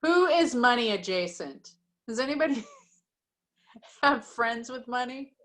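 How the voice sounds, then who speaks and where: Woman, event host, slow pace, slightly high pitch, relaxed delivery. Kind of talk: live event hosting.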